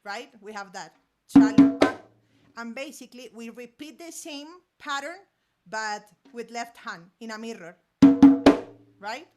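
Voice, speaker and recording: A Colombian percussion teacher whose first language is Spanish leads a music master class on drum rhythms, counting aloud in vocal syllables as she drums. Her voice is on the high side with lively intonation and a slightly slow pace. Loud music, hand drums, and percussion play behind her.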